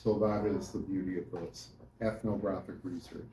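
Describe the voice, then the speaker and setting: A man's voice: low voice, steady tone, moderate pace, mellow, a little hiss or hum. A male university lecturer giving a class lecture, talking with students and often checking in with "right?". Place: lecture hall. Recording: echoey classroom from far off.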